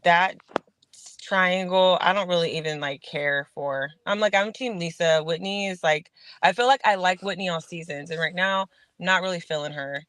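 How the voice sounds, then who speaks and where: Woman, bright voice, rambling casual chat, dry close recording. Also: fairly low pitch, normal speed, no echo. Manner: rambling, leans on "I feel like".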